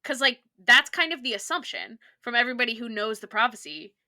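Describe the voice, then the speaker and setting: A woman's voice: fairly high pitch, sing-song, brisk, pushed and bright. A woman co-hosting a podcast, chatting casually and enthusiastically about a TV episode, with lots of "like". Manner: chatty, peppered with "like". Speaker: podcast co-host. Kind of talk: casual chat recapping a TV episode.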